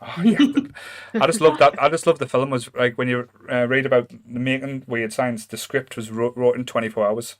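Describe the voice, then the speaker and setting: A man's voice: mid-range voice, steady tone, normal speed. A man with a North East English accent hosting a podcast, chatting casually and rambling with many restarts. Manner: rambling, self-deprecating, full of restarts. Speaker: podcast host. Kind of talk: casual chat.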